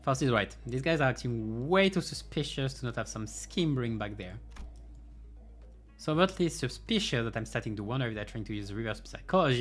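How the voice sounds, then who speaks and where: A man reading out a game's story dialogue, with dry, sarcastic remarks thrown in between the lines. His voice sits at a middling pitch, and faint music plays in the background. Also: animated, a little fast. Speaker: game streamer.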